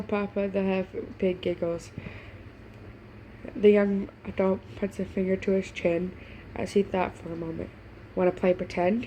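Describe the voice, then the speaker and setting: Woman reader, warm mellow voice, slight hiss behind, reads fan fiction with stumbles and voiced lines. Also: fairly low pitch, low-quality recording. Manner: stumbling over words, breaking off to gush; puts on voices for the characters. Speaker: fanfiction reader. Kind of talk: reading fan fiction aloud with reactions.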